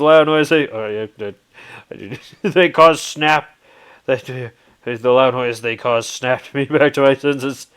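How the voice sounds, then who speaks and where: A man hosting a let's play, reading a visual novel aloud with animated laughing asides and swearing, with traffic noise behind. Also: medium pitch, slow, clear, resonant tone.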